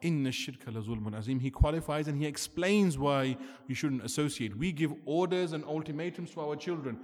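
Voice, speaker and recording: A man's voice: fairly high pitch, fairly quick, a little mellow. A man preaching an earnest, emphatic sermon, asking rhetorical questions as he lectures. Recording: long hall reverb.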